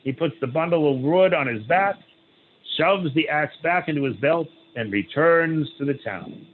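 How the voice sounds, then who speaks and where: A rabbi with a fairly high voice reads a story aloud over a video call, pausing often and breaking off with "right?" and "uh". The line is thin and phone-like, with a faint hiss underneath. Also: male voice, lively intonation. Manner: reads with pauses, frequent "right?" and "uh" asides. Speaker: rabbi leading a study group. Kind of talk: reading a story aloud, then opening discussion.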